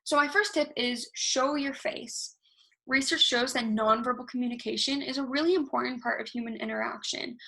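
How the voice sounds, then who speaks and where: Fast-talking young woman, bright and gravelly. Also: fairly high pitch. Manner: self-described fast talker, animated, talks with hands. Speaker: university research workshop presenter. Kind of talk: casual instructional presentation. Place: alone, recording herself at a computer. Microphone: recorded through video call software.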